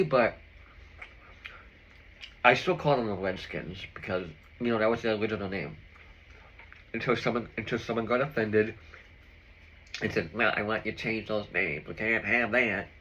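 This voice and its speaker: A man's voice: lowish voice, bright, forceful tone, muffled recording, slight background noise. A man vlogging in casual chat with his viewers, rambling and opinionated with lots of fillers while he eats a meal.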